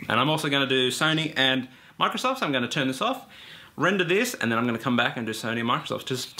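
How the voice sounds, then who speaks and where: A man's voice: mid-range voice, sharp tone. A man giving blunt, profane, rambling opinions on video games straight to his viewers. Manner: rambling with fillers and self-corrections. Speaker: gaming YouTuber. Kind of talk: casual opinion rant to camera.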